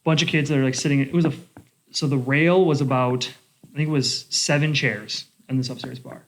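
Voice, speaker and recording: Young male bartender, mid-pitch, casual storyteller, profane and animated. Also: fairly quick. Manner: animated, swears a lot, lots of "like". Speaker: bartender podcast host.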